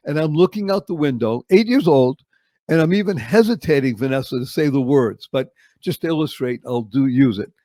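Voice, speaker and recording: Expressive older man, slightly high voice. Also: no room sound. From Boston, United States. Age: 70s. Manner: expressive, with dramatic slow-downs and acted-out quotes. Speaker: guest. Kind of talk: animated storytelling interview.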